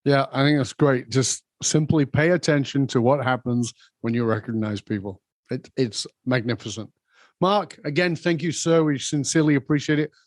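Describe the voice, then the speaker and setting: A man's voice: mid-range voice, moderate pace, no echo. Courteous male podcast host, dry sound. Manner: courteous, formal thanks. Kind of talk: interview hosting.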